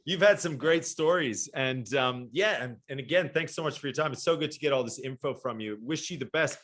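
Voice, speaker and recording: A man's voice: mid-range voice, a little fast, a bit bright. Man, interview host, mid-range voice, casual, encouraging, short affirmations.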